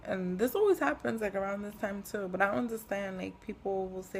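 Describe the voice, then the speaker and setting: A young woman talks through a casual home vlog at a middle pitch, her voice a little gravelly. She rambles with plenty of fillers and sounds short of breath, over a faint hiss of background noise. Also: steady tone, moderate pace. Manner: rambling, lots of "like" and "um". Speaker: pregnancy vlogger. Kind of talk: casual chat.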